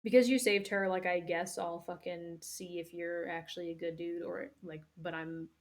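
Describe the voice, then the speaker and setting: A woman's voice: lowish voice, fairly even intonation, normal speed, lightly acted. A woman playing a grudging lion king. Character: stern male lion king, suspicious.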